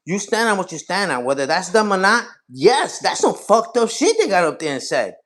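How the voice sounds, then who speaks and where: High-voiced with big pitch swings, this man talks at normal speed with a slightly bright sound. In his forties, he hosts a livestream, addressing his chat directly in a loose, profane, wandering way.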